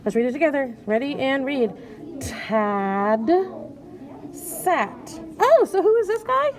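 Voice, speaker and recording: A woman's voice: high voice, sing-song, fast. A woman teacher leading young children through a reading lesson, patient and coaxing, sounding out letters one at a time.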